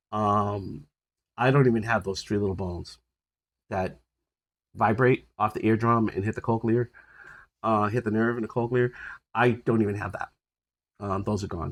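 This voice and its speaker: Older guy talking into his phone, husky, lots of ums and restarts. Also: on the low side, fairly bright tone. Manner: rambling, conversational, with many fillers and restarts. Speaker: vlogger sharing his health journey. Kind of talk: casual personal update to camera.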